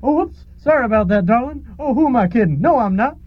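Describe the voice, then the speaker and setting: A man's voice: very high voice, lively intonation, fast, slightly rough, no room sound, exaggerated voice. A man playing a brash, flirtatious male superhero in a comedy audio play, cheeky and cheerful. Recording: dull lo-fi recording.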